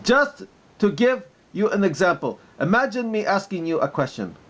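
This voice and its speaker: A man's voice: high voice, big pitch swings, voice pushed up. A man putting on a preachy debater in a mock Arabic accent. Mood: lecturing. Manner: lecturing, slow and emphatic. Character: preachy adult male online debater, lecturing. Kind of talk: mocking impression in a video reply.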